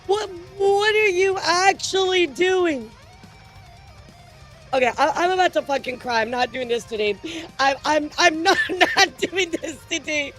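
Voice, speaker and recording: A very high-pitched woman talking to her livestream chat. She is excitable and laughs often, swears freely and stammers into repeated words. Faint music plays underneath her. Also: measured pace, low-quality recording. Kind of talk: casual livestream chat with viewers.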